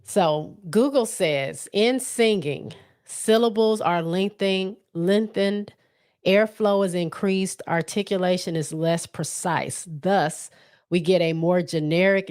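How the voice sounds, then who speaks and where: A woman talks alone into her podcast mic, casual and unscripted. She speaks slowly in a somewhat low voice and often restarts her sentences as she thinks aloud. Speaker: podcast host. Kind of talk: casual solo podcast chat.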